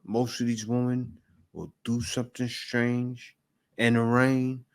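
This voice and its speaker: A man's voice: mid-range voice, slow pace, clean tone. A man hosting a reaction video, commenting casually and laughing as he mocks the clips. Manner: animated, laughing, mimics voices mockingly.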